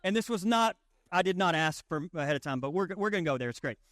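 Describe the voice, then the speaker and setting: In a high-pitched, expressive, slightly bright voice, a Southern US pastor speaks fast through a conversational sermon. He jokes in a folksy manner and repeats lines for emphasis, with dry, studio-quality recording.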